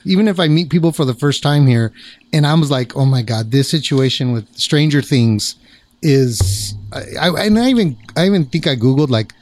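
A man's voice: fairly high pitch, animated, moderate pace, darkish tone. A man hosting an interview podcast, chatting casually, rambling and restarting his thoughts, with frequent affirming murmurs. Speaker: podcast host.

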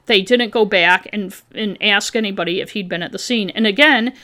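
Bright-voiced woman, wry true-crime host. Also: mid-range voice, a little fast. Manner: wry and blunt, with sarcastic asides. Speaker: podcast co-host. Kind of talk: reading a true-crime case aloud with commentary.

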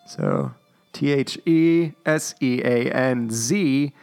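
A man's voice: mid-range voice, vocal fry, darkish tone, smooth, soft background music. A man co-hosting a casual podcast, reading trivia in a laid-back, jokey way. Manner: slow, laid-back delivery with jokey asides. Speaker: podcast co-host. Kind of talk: casual chat.

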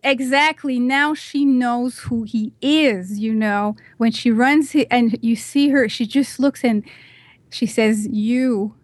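A woman guest on a podcast, chatting casually and retelling a film scene in animated detail, with lots of "you know" fillers. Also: a little high, takes it slowly, no room sound.

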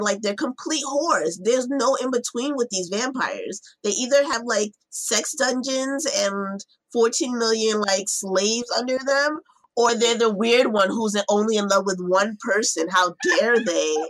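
A woman's voice: a little high, unhurried. A woman co-hosting a podcast in casual chat, ranting emphatically and slipping into mock voices. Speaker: podcast co-host.

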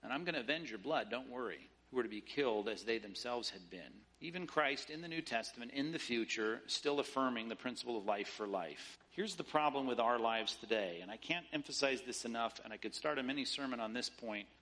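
A man's voice: mid-range voice, lively intonation, fairly quick, few pauses, sharp tone. A man preaching a sermon in an emphatic, rhetorical way, often mimicking the views he argues against. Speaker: pastor.

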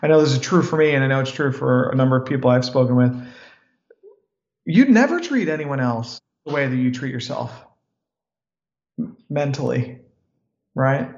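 A man in his forties, a podcast guest speaking in a calm and reflective way. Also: mid-range voice, moderate pace, long pauses. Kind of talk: podcast interview. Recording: roomy, dull lo-fi sound.

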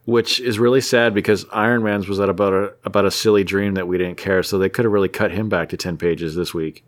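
A man's voice: low voice, fairly even intonation, quick pace. A man co-hosting a podcast, chatting casually and rambling with lots of fillers. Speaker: podcast co-host. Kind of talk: casual chat about comics.

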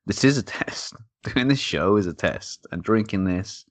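A young Englishman sits close to the mic, his voice sitting very low and dry with no room around it. He rambles through a casual chat, full of ums and likes, cracking jokes as he goes. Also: lively intonation, measured pace, no room sound. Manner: rambling, jokey, many fillers. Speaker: beer podcast host.

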